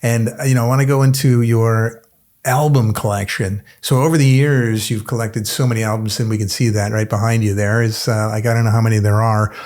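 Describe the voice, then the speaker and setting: A man's voice: fairly low pitch, steady tone, fairly quick, a little mellow. A man hosting an interview podcast, chatting casually and a bit hesitantly, with many "uh" fillers. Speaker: host.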